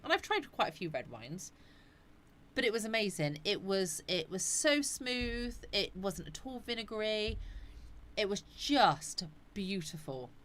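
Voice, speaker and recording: Bright chatty lady on a live stream, rambling on and answering comments as they come in. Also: medium pitch, very animated, measured pace. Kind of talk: casual live chat reading comments.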